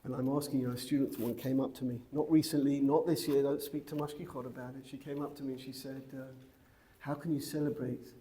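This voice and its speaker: A middle-aged man, a rabbi teaching a women's seminary class, who tells a story, asks the class rhetorical questions and grows loud and excited, switching between Hebrew and English. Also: medium pitch, fast talker, hardly any pauses, a little hiss or hum. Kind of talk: lively Torah lecture with storytelling.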